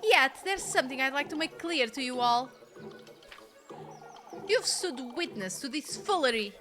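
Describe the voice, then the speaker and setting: A defiant young maid, read by a woman, earnest and indignant, her high voice swinging widely. Game music plays steadily behind. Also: animated, a little slow.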